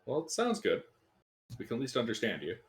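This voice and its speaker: Lively man chatting at a game table. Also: medium pitch, fairly quick. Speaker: player. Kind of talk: casual tabletop game chat. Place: home, online voice call.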